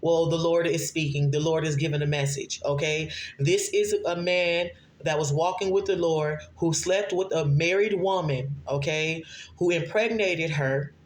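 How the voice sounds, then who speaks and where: A man delivering a prophetic sermon, reading scripture slowly and pausing often to ask "okay?". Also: fairly high pitch, fairly even intonation. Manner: frequent checking "okay?" asides, slow deliberate scripture reading. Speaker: self-described prophet and messenger.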